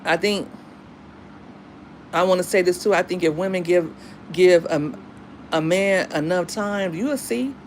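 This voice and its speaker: A woman's voice: on the low side, measured pace, pauses often, a little mellow, slight background noise. A middle-aged woman and single mother talking candidly and emphatically about dating and raising daughters, in a casual monologue.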